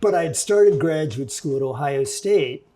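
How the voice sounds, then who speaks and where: A man in his sixties, an author and forensic psychologist, telling a story in a measured, reflective way with frequent restarts during a podcast interview. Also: fairly high pitch, animated, warm tone.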